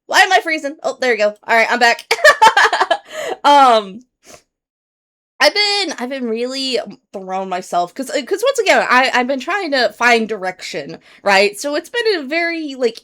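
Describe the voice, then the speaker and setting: A woman's voice: a little high, fairly bright tone. A woman streamer chatting casually to her viewers, rambling with many fillers and restarts, earnest and candid.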